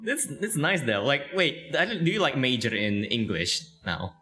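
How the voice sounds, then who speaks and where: Lively, bright-voiced male interview host. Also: medium pitch, normal speed, faint music behind. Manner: laughs often, rambling with many fillers. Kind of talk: casual video interview chat.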